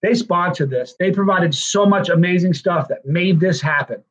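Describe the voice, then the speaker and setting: Tired, husky male streamer with a slightly high voice, rambling warm thanks, muffled lo-fi sound. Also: moderate pace. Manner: effusive, rambling thank-yous to viewers. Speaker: livestream host. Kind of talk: casual livestream chat. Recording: dull lo-fi stream audio.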